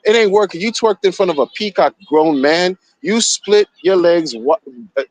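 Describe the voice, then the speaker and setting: A man's voice: high voice, moderate pace, dry recording, poor audio. A man streaming casual commentary, mocking and profane, repeating himself as he rants. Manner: animated, mocking, profane, repetitive.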